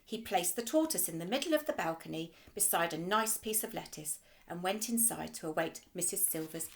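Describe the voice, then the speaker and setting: A female teacher reading a children's storybook aloud in an expressive, lively way. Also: on the low side.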